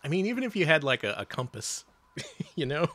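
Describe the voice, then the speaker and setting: A man's voice: fairly high pitch, very animated, fairly quick, fairly bright tone. A man co-hosting a casual gameplay chat, joking, laughing often and swearing freely. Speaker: co-host playing a game.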